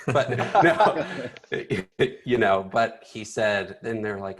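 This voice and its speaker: A man's voice: fairly low pitch, expressive, very slow, a bit bright. A man who is a financial advisor, chatting in an easygoing way and retelling stories in a casual discussion. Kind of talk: casual office-hours chat.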